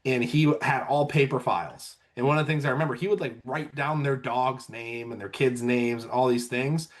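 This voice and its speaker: Speaking at normal speed with a medium pitch and a steady tone, an insurance agent manager swaps sales stories on a podcast in a casual way, frequently performing what clients said.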